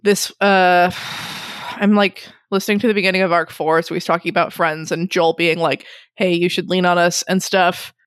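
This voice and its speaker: A woman's voice: fairly low pitch, little pitch movement, normal speed, smooth, no echo, studio quality. A woman in casual chat about a book, rambling and laughing often as she retells scenes. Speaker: book podcast co-host.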